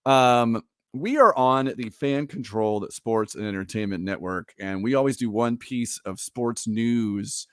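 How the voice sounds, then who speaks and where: A man's voice: medium pitch, unhurried, few pauses, fairly bright tone, clean tone, no echo, studio quality. A man co-hosting a podcast, chatting casually and animatedly, often laughing and reading quotes aloud. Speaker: podcast co-host. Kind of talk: casual chat.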